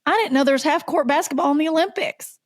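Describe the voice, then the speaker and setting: A woman, co-hosting a podcast and telling lively stories in casual chat. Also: sits high, quick pace, no echo. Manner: animated storyteller, acts out voices. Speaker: podcast co-host.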